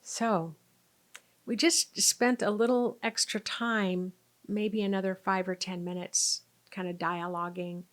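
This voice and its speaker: A woman's voice: medium pitch, steady tone, slow pace. A woman who works as a spiritual healer and was once a nurse, telling a story to camera. She talks with animation, acts out quoted lines and sometimes drops to a near whisper.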